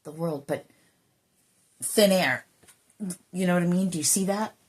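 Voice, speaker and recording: A woman giving an emotional, earnest spiritual card reading, sometimes dropping into soft whispers and swearing casually. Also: lowish voice, a little slow. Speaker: intuitive card reader.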